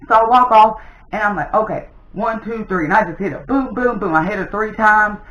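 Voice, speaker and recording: A young adult woman, a mother, casually telling a personal story to her viewers in an animated way. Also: mid-range voice, a little fast, reverberant, low-quality recording. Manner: animated, addresses viewers as "y'all". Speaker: storytime vlogger.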